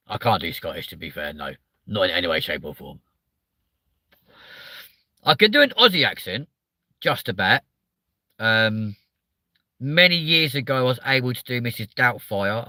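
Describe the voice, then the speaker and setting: A man's voice: lowish voice, pushed and bright, dry recording. A man with a southern English accent hosting a live show, rambling, swearing and poking fun at himself as he chats with viewers. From southern England. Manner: rambling, sweary, self-mocking. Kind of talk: casual live-stream chat with viewers.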